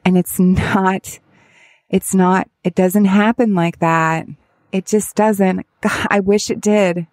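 Heartfelt halting mother, dry close sound. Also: medium pitch, steady tone, a little mellow, no echo. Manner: halting, heartfelt, many restarts. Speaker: parent of a child with addiction. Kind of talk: candid personal advice talk.

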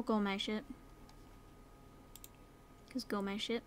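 A woman's voice: on the high side, fairly even intonation, takes it slowly, long pauses, a little mellow. A young British woman chatting through a life-sim game as a YouTuber, giving her characters orders, slipping into whispers and silly voices, swearing casually. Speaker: gaming YouTuber. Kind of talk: casual let's-play commentary.

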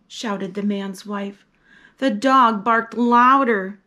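A woman reading a picture book aloud to children, lively and expressive, acting out the story's characters. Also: fairly high pitch, takes it slowly.

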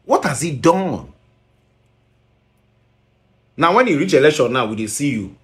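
Scolding Nigerian man, lively pitch. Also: unhurried. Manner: scolding, mixes Pidgin and English, rhetorical questions. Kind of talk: ranting commentary video.

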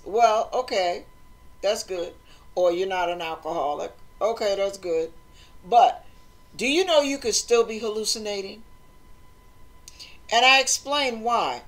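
A woman hosting a motivational talk, speaking conversationally and acting out quoted voices with lively emphasis. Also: mid-range voice. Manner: animated, acts out quoted voices, conversational preaching. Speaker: host.

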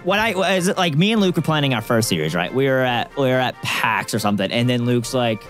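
A man's voice: mid-range voice, expressive, fast, a bit bright, faint music behind. A man hosting a gaming series, telling rambling stories and laughing a lot. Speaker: gaming host. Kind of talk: casual gaming chat.

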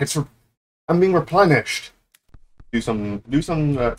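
A man's voice: expressive, unhurried, long pauses. Swearing, trash-talking young gamer guy. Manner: sudden high-pitched yelps and squeals; grumbling, ranting complaints. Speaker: gaming YouTuber. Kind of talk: live gameplay commentary.

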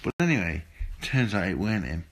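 A man's voice: low-pitched, sing-song, a little fast. A man, a boxer, telling a rambling, sweary story in a laid-back, casual way. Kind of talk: casual storytelling to phone camera.

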